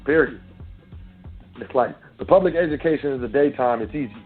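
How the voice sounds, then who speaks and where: A man's voice: medium pitch, a little fast, slightly rough. A man hosting an internet radio show, talking casually and preachily straight to his listeners. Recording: tinny phone-line sound with faint music.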